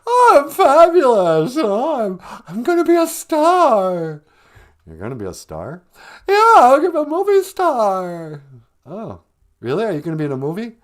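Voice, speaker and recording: A man voicing a bubbly, starstruck young woman in a high, shrieky squeal with drawn-out words, in a comic phone-call skit. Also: wildly swooping pitch, full character voice. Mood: giddy.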